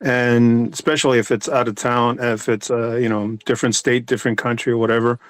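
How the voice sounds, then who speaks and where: A comic artist talking in a casual podcast chat, rambling with many restarts and fillers. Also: male voice, medium pitch, fairly even intonation, a little fast, dry recording.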